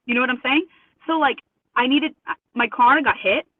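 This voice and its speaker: A woman's voice: high voice, normal speed, no echo. A woman guest in a remote interview, talking emphatically and indignantly, quoting others with mimicked voices. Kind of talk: remote interview over a call. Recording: tinny phone-line audio, dry.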